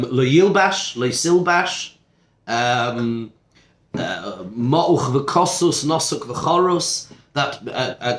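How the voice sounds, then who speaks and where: Rabbi lecturing in an echoey classroom. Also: male voice, medium pitch, fairly bright tone. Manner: conversational, self-interrupting, asides and rhetorical questions. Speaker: rabbi teaching a study group. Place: seminar classroom.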